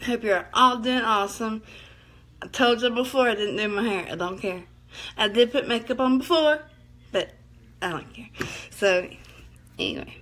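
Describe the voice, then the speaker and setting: A woman's voice: a little high, moderate pace, pauses often, a bit bright. Lady on a livestream, rambly and giggly, middle-aged, just telling a story. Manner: chatty, rambling, laughs often. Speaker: livestream host. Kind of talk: casual live chat and storytelling.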